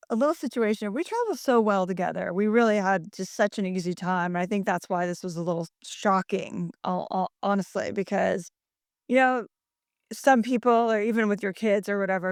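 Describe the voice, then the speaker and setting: A woman's voice: mid-range voice, dry recording, studio quality. A middle-aged woman on a podcast, telling a story in a chatty way with many fillers and small laughs. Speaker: podcast co-host. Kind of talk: casual chat.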